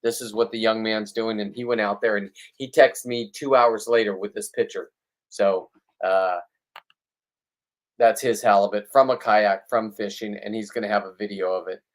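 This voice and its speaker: Talking to the camera in a casual fishing vlog, a man with a fairly low, steady voice rambles bluntly at normal speed and jokes about himself.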